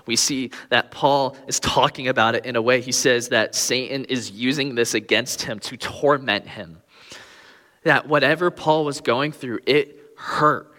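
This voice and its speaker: Earnest young male preacher, bright tone. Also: mid-range voice, long reverb tail. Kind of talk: sermon.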